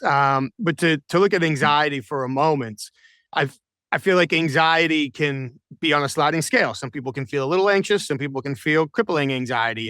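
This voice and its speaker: A podcast host, a man with a slightly high voice, asks his guest questions. He is thoughtful and a little hesitant and often reframes what he means. The recording is close and dry, with no room sound. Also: fairly bright tone, clean tone, no echo. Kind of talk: interview questions.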